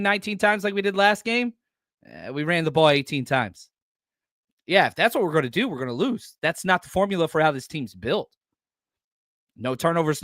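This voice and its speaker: Male fan-podcast host, blunt and animated, lively swooping delivery, dry close sound. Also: a little high, no echo. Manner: animated, blunt, reads out viewer chats. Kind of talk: live postgame fan reaction show.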